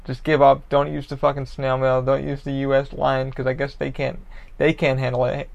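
A man's voice: mid-range voice, completely flat delivery, normal speed, gravelly, highs cut off. A man, a podcast host from the Orlando, Florida area, rambling casually and profanely about a frustrating order, with lots of fillers.

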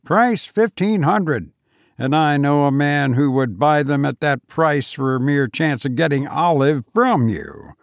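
A man's voice: fairly high pitch, big pitch swings, unhurried, creaky, no echo, studio quality, pitched above the performer's own voice, full character voice. A man voicing a smug, sneering young schemer. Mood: mocking. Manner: mocking, light, smug.

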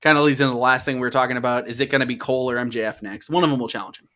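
A young man co-hosts a laid-back podcast and chats about the latest matches. He is loose and profane and builds excitement as he goes. He often keeps talking right over his co-host. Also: medium pitch, very fast. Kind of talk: casual wrestling podcast chat.

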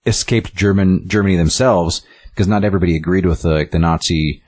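A man's voice: low-pitched, brisk, a little mellow, no echo. A man who reviews comic books and rambles casually, full of likes and ums. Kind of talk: casual chat.

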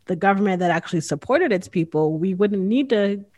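An animated woman hosts a casual podcast chat from her home kitchen. She speaks at a middling pitch, and she slips into voices when she quotes other people. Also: a little fast. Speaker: podcast host. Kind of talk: casual conversation.

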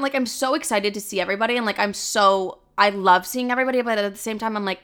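A woman's voice: fairly high pitch, fast talker, a bit bright. A woman in her twenties hosting a casual solo podcast, chatty and dramatic, swearing freely. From Chicago. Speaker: podcast host.

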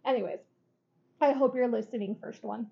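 A woman's voice: a little high, moderate pace, creaky. A woman co-hosting a casual podcast chat, laughing often, swearing freely and acting out what people said. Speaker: podcast co-host. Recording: dull lo-fi recording.

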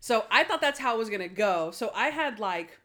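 A young adult woman with a fairly high, brisk voice co-hosts a casual podcast. She animatedly recaps a TV episode, acting out the characters' lines in quoted voices as she chats about it.

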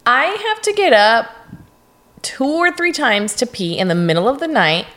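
A woman co-hosting a podcast in casual chat, talkative and quick to jump in with her opinions. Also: sits high, big pitch swings, fairly bright tone. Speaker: podcast co-host.

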